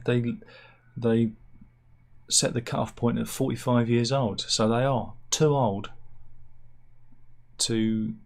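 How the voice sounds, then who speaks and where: A man hosting a satirical news vlog, reading out stories with wry, deadpan asides and mock outrage. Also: medium pitch. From United Kingdom. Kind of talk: offhand comic news chat.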